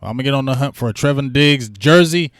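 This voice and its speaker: Fast-talking and medium-pitched, a man hosts a sports talk livestream in studio-quality sound with no echo. He chats casually in slang, animated throughout, and hypes the donations coming in.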